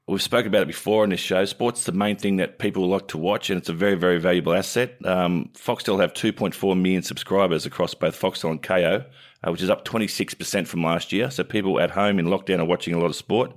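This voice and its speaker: A man's voice: sits low, fast. A man with an Australian accent co-hosting a sports podcast, talking bluntly in casual chat and laughing through his stories. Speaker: sports podcast co-host, former cricketer.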